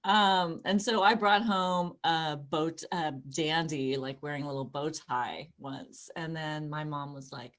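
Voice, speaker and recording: A middle-aged woman from Los Angeles performing a stand-up comedy set, chatty and animated, often jumping into high squealing voices to quote people. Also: a little slow, hardly any pauses.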